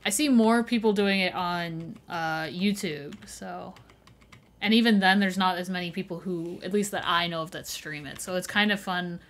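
A woman's voice: on the low side, normal speed, a bit bright. A young adult woman chatting casually with her viewers while live-streaming a game, laughing often as she greets and answers the chat.

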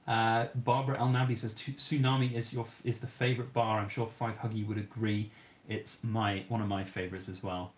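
A man with a British accent hosts a livestream, reading viewer questions aloud and answering them in an easygoing, conversational manner. His voice is lowish, his delivery flat, and he talks fairly quickly.

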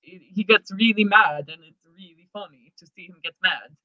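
Give me a woman playing a smitten young rocker who teases the guy he likes, rambling in a soft, coy voice with a vague European accent. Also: mid-range voice, normal speed, dry recording, natural voice. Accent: put-on vague European accent. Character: teasing young male musician, coy and smitten. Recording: dull lo-fi podcast mic.

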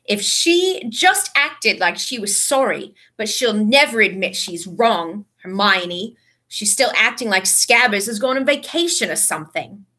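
A woman voicing a frantic teenage boy wizard who shouts in shrill panic. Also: big pitch swings, unhurried, full character voice. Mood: sulky.

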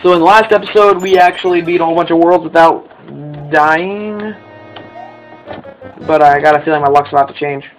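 Young guy hyped up doing a let's play, voice on the high side, faint game music under it. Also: brisk, low-quality recording. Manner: excitable, swings into high yelps. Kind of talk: excited gameplay commentary.

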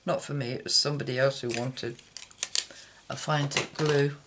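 A man's voice: medium pitch, fairly even intonation, normal speed, noisy background. A man hosting his own craft channel, chatting loosely while making a card and sometimes losing his train of thought. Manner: chatty, rambling, loses track mid-thought. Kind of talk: casual card-making demonstration.

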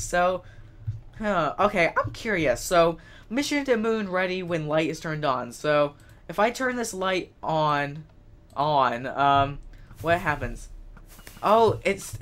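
A man hosts a let's play, chatting and thinking out loud as he comments on the gameplay and often exclaims in surprise. His voice sits high and a bit bright, with a slight hiss or hum in the recording.

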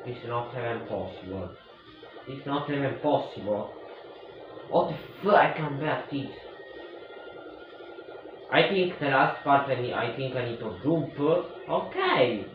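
Slow, groaning man in an echoey room. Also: mid-range voice, lively intonation. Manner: exasperated, groaning and sighing, shouts in bursts. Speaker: gaming YouTuber. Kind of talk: frustrated gameplay commentary. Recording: very echoey room, dull sound, music playing.

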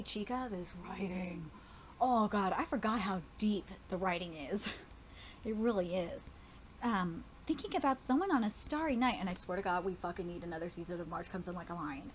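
A woman streamer reading a manga aloud on a live reaction stream, excitable, swearing casually and stumbling over words. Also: lowish voice, brisk, slight background noise.

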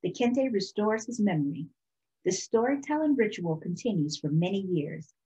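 A woman reading a children's picture book aloud for storytime in a calm, expressive way. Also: medium pitch, moderate pace, poor audio. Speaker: storytime reader.

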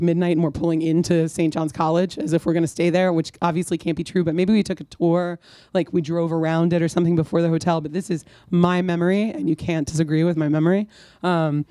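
A woman's voice: lowish voice, flat delivery, fast, dark tone, no room sound. Dry, rambling woman author at a talk. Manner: rambling, self-mocking storyteller with many restarts. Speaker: author at a bookstore event. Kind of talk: conversational Q&A and anecdote. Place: bookstore event before an audience.

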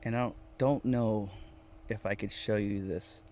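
A man's voice: lowish voice, fairly even intonation, unhurried, darkish tone, slight background noise. A man hosting a casual live stream from inside his van, reading viewer comments aloud and repeating phrases playfully. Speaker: vanlife livestream host.

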